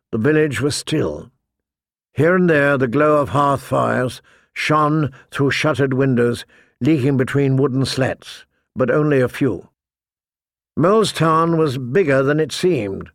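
A man reads a fantasy novel aloud in a measured, deliberate way, his voice grainy with vocal fry. The recording is dry and close, with no room sound. His pitch sits in an ordinary middle range. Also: no echo. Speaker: audiobook narrator. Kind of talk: scripted fantasy narration.

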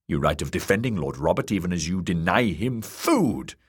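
A man voicing a smooth, scheming male lord protector who speaks in a cold, measured, commanding way. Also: low voice, very animated, heavily acted. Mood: cold, angry. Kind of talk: audiobook character voice.

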